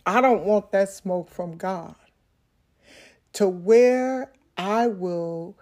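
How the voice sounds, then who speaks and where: A woman's voice: mid-range voice, very slow, darkish tone. Middle-aged woman minister, earnest testimony, frequent laughs, repeated words for emphasis. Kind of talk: personal testimony talk.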